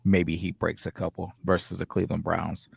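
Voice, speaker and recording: A man co-hosting a casual sports podcast, giving football picks in a measured, halting way with many fillers. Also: low voice, completely flat delivery, gravelly, slightly rough, no echo. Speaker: co-host.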